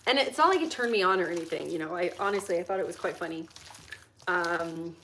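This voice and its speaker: A woman's voice: lowish voice, fast, fairly bright tone, slight background noise. A young woman hosting a livestream, chatting casually with viewers while she cooks in her kitchen and reads out chat questions. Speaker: livestream host. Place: home kitchen.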